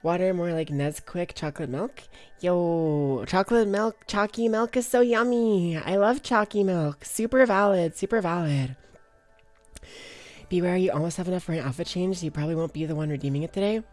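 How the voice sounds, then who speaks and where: A woman's voice: fairly low pitch, normal speed, a little mellow, no echo, soft background music. Giggly young woman streamer, slight Valley Girl lilt. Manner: bubbly, giggly, greets chat by name. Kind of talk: casual chat with live viewers.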